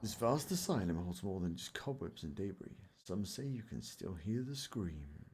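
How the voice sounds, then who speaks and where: A man putting on a slow, low, theatrical voice as an ominous gothic narrator reciting doom while streaming a game. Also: very animated, darkish tone, slight background noise.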